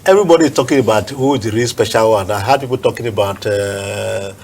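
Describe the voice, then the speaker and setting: A man's voice: fairly low pitch, fast, darkish tone, slight background noise. A man with a Nigerian accent hosting a studio sports talk show, steering the discussion and cueing breaks.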